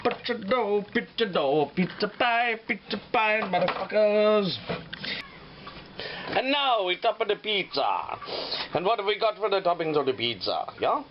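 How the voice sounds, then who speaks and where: A man voicing a silly male pizza chef, chanting in a put-on accent of no clear place. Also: sits high, animated, moderate pace, few pauses, voice pushed up. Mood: playful chant. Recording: dull lo-fi audio with clear noise.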